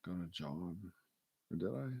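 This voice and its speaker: A man's voice: low voice, expressive, measured pace, creaky, a little mellow, breathy edge, no room sound. A man in casual, meandering chat, joking and swearing with lots of fillers.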